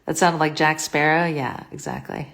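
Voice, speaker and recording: Woman, low gravelly voice, livestream Q&A host; chatty, scattered, reads comments aloud then answers. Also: moderate pace, fairly bright tone. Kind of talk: casual livestream Q&A.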